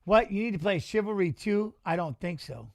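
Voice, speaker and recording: High-voiced animated man, dry close sound. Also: moderate pace, gravelly, no room sound. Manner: animated storytelling, swears casually. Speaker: watch-along host and former fighter. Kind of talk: casual chat reading live chat.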